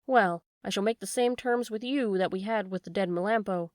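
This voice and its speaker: A woman's voice: medium pitch, normal speed, no room sound, studio quality, natural voice. A woman voicing a sly weasel thief who speaks in a sweet, coaxing way, in a storybook reading. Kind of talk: storybook read-aloud.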